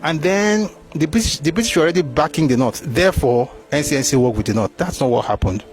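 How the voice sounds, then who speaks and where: Animated Nigerian man giving commentary. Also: on the high side, fast, faint music behind. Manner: animated, rhetorical, reads passages aloud. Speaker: history commentator. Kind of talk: opinionated commentary.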